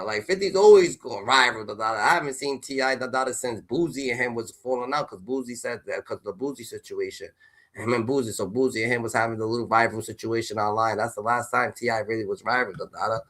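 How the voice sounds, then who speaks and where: A man streaming casual reaction commentary on rap news, slangy and excitable, repeating a catchphrase tag. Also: mid-range voice, fast. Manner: loud, excitable and laughing.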